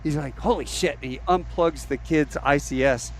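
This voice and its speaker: A man hosting a podcast, telling an aviation story in a casual, animated way and acting out the quotes. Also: a little high, moderate pace, slight background noise. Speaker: podcast host.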